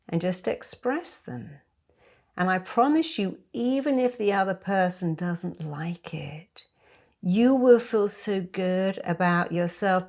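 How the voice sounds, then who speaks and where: A woman's voice: fairly low pitch, a little mellow. A middle-aged woman therapist giving emphatic, encouraging advice in a talk to camera. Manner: emphatic, encouraging, acts out sample phone calls.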